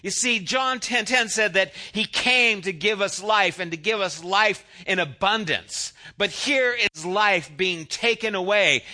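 Man, pastor, sermon delivery: slow, bright and slightly high, loud emphasis dropping to hushed asides. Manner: storytelling, swings from loud to hushed. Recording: church sermon audio.

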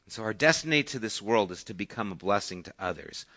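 A man preaching a sermon in a bright, forward voice, moving between quiet asides and emphatic points. He reads scripture aloud and then unpacks it in plain conversational talk. The recording sounds a little dull and lo-fi. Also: fairly low pitch, animated, quick pace. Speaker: pastor.

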